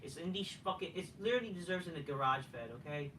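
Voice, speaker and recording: A man's voice: fairly high pitch, expressive, quick pace, a bit bright. Man, casual reviewer, profane and dismissive, slightly distant mic, faint hiss. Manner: profane, dismissive, sarcastic ranting. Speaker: wrestling show reviewer. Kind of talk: casual solo review rant.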